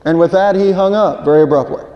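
A man's voice: high voice, fast talker. A man preaching a Sunday sermon, earnest and plain-spoken, stumbling over a word now and then and telling a folksy joke. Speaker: pastor. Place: church sanctuary. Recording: dull lo-fi church recording with long reverb.

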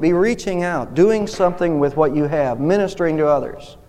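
A male pastor delivers a sermon in a high, lifted voice, climbing even higher as he presses his points. His words ring out with the long reverb of a church sanctuary. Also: normal speed. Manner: impassioned preaching, voice rising on key points.

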